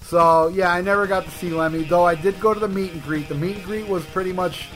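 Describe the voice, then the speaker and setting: Bright-voiced man telling rambling stories. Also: high voice, steady tone, quick pace, soft background music. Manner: rambling anecdotes with restarts and profanity. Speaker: podcast co-host. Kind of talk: casual chat, storytelling.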